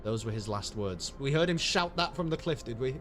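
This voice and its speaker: A man's voice: mid-range voice, lively intonation, normal speed, faint music behind. A British man streaming a game, chatting in a casual, sweary and wry way while he laughs along. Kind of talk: casual gameplay commentary.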